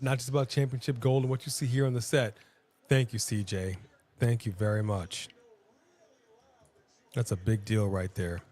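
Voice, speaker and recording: A man's voice: lowish voice, steady tone, moderate pace, long pauses, darkish tone. A man co-hosting a live watch-along stream, talking casually and rambling with frequent restarts.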